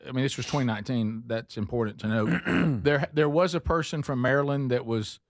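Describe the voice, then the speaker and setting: A man's voice: mid-range voice, a little fast, no echo, clean studio sound. A man hosting a casual talk show, joking around and slipping into mock voices. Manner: animated, jokey, slips into mock voices. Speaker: host.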